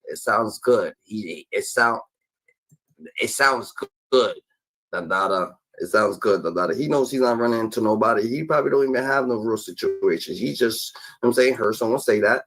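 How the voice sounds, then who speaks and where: A man's voice: fairly low pitch, normal speed, a bit bright, rough recording. A man giving casual reaction commentary, rambling and filling gaps with repeated "da, da, da" and stammered starts.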